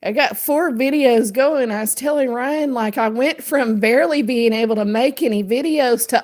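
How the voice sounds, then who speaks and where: A woman's voice: fairly high pitch, moderate pace, few pauses, a little mellow. A woman hosting her crochet channel, chatting casually and rambling with many fillers while she reads pattern text aloud.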